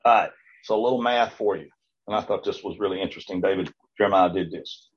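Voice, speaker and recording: Male Bible class teacher, husky voice of middling pitch, halting and repetitive delivery with frequent restarts, dull lo-fi recording. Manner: rambling with frequent stammered restarts and check-ins to the class.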